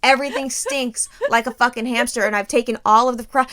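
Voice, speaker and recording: A woman in her thirties co-hosting a casual podcast, ranting loudly and profanely with comic exaggeration. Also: on the high side, steady tone, brisk. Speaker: podcast co-host.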